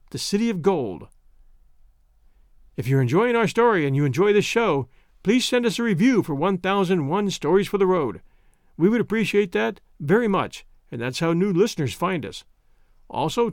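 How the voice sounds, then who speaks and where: A man hosting an audio story show and narrating it in a steady, measured way. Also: high-pitched, no echo, clean studio sound. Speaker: audio story host and reader. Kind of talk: scripted narration.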